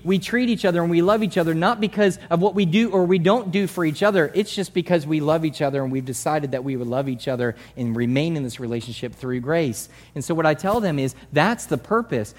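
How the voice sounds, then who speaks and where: A male pastor preaching a sermon in a conversational way, swinging from soft asides to loud emphasis. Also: fairly high pitch.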